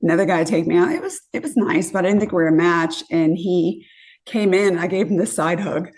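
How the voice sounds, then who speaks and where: A woman's voice: lowish voice, brisk. A woman in her fifties, a podcast guest, animatedly telling dating stories and acting out what people said. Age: 50s. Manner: animated, acts out quotes. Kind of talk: casual storytelling.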